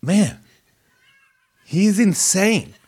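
A man's voice: high voice, expressive, extremely slow, a little mellow, slightly rough. A man hosting a podcast in casual chat, rambling, profane and easily sidetracked, recorded in a home studio. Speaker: podcast host. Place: home studio with a pet cat nearby.

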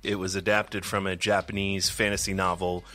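Low-voiced man telling animated pet stories. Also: moderate pace. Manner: animated storyteller who acts out pets' voices. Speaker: podcast co-host. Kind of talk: casual chat.

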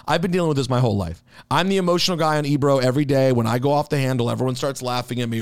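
Excitable male podcast co-host, mid pitch, dry close studio sound. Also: fast talker, few pauses, clean tone, dry recording. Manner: excitable, rises in pitch when arguing. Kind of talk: casual wrestling podcast chat.

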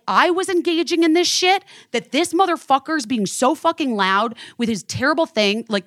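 A young adult woman telling a story in casual chat, profane and animated, acting out the lines of the people in it. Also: sits high, no echo, clean studio sound. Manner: profane, animated, acts out quoted dialogue. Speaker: storyteller on a talk show.

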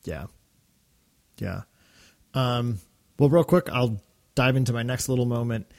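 A man's voice: medium pitch, a little slow, creaky, a little mellow. A man co-hosting a fan podcast, talking enthusiastically with many fillers and restarts. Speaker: podcast co-host. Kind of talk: casual fan podcast discussion.

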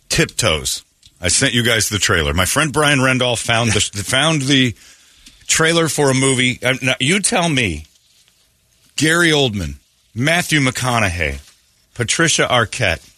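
A man's voice: medium pitch, expressive, measured pace, pauses often, sharp tone, dry recording. A man hosting a morning radio show, telling a story in a joking, laughing way. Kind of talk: casual radio banter. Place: radio studio.

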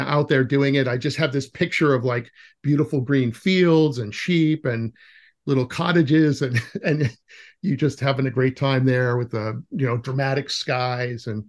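A man with an easygoing, mid-range voice hosts a podcast conversation. he tells anecdotes with animated energy and laughs often. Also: medium pitch. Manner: laughs often, animated when retelling stories. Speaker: podcast host interviewing an educator. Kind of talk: casual conversational storytelling.

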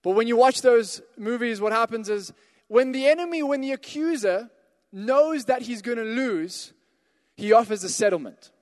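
A pastor telling a personal story in a sermon, rising to emphatic calls to the congregation. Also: male voice, very high-pitched, lively intonation, normal speed, long reverb tail. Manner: storytelling, builds to emphatic exhortations.

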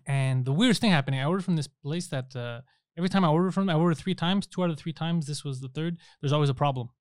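A man's voice: a little high, racing, smooth, dry recording, studio quality. A young man chatting casually on a podcast, telling stories animatedly and swearing freely. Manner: animated storyteller, acts out voices, swears. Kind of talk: casual chat.

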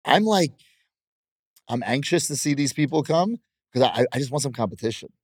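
A man's voice: mid-range voice, expressive, normal speed, no echo, clean studio sound. A man in his thirties, a professional wrestler, chatting in an interview in a brash, boastful way and laughing often. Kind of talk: casual interview chat.

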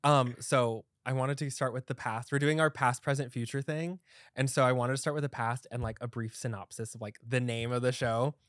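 Young male podcast host, chatty and giggly, close dry mic, mid-pitched. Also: fairly even intonation, a little fast, fairly bright tone, no room sound. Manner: chatty, laughing, lots of "like". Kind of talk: casual chat.

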